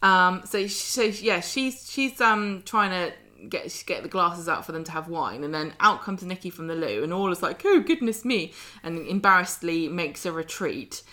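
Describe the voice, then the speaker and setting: Southern english woman recapping a soap, chatty and sarcastic, kinda low but really bright voice. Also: moderate pace, few pauses. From southern England. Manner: chatty, animated, sarcastic asides. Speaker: podcast co-host. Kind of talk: casual chat recapping a soap.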